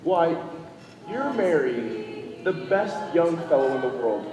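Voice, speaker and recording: A teenage boy acting as a calm father who soothes his nervous daughter on her wedding day. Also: fairly high pitch, slow pace, a crowd in the background. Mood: reassuring. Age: teens. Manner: calm, reassuring. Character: gentle soothing father of the bride. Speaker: student actor. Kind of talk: stage acting. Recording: echoey hall from far off.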